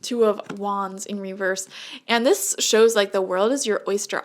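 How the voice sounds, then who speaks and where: A young woman giving a casual, chatty tarot reading who laughs often and breaks into lively, high-pitched asides. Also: unhurried. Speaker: tarot reader.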